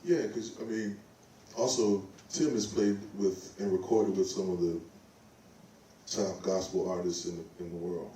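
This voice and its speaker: A male host with a low, mellow voice, putting relaxed and encouraging questions to his guest. The sound is roomy and recorded from a distance in a recital hall. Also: unhurried, slight background noise. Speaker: host, pianist and program director. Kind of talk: interviewing on stage.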